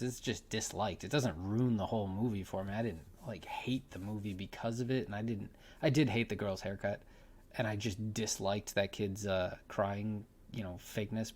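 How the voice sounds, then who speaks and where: Male reviewer who talks loose and offhand, restarts sentences and chuckles. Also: lowish voice. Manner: rambling, repeats words, laughs often. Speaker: movie reviewer. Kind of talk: casual spoken movie review.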